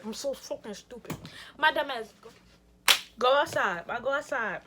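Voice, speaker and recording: A woman's voice: high voice, moderate pace, noisy background. A young woman vlogger telling a rambling, slangy story in a casual chat with lots of "like" and restarts. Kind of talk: casual storytime while getting ready.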